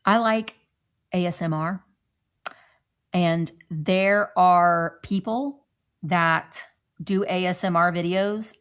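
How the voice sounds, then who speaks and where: Chatty woman rambling through a haul. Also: on the low side. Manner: chatty, rambling, talking to friends off camera. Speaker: thrift vlogger. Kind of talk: casual haul show-and-tell.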